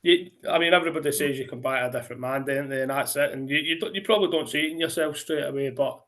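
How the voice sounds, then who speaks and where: A man's voice: mid-range voice, quick pace, fairly bright tone. A man hosting a casual interview, who ends his points with tag questions like "weren't they?". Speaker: host.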